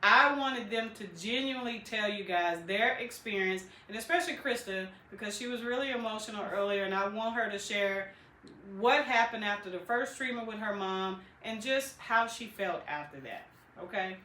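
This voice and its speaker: A woman's voice: medium pitch, moderate pace, pushed and bright, a little hiss or hum. A woman who runs a hair clinic, hosting a client testimonial and speaking directly to viewers in an upbeat, promotional way. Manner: upbeat, direct, keeps addressing viewers with "listen" and "you guys". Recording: echoey room.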